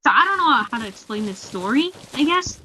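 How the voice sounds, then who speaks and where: A young woman hosting a casual gaming chat, telling a story in an animated, giggly way. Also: high voice, fairly quick. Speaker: host. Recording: lo-fi muffled mic.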